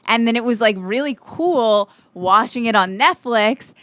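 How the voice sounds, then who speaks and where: A woman's voice: fairly high pitch, unhurried, fairly bright tone, no room sound. A woman hosting a podcast, talking in a gushing way with lots of "like". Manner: gushing, filler-heavy with lots of "like". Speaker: podcast host. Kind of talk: casual podcast chat.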